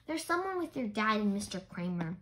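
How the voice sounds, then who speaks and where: A woman's voice: medium pitch, very animated, brisk, fairly bright tone, slight background noise. A woman reading aloud, voicing an eager, talkative young boy detective in a children's storybook.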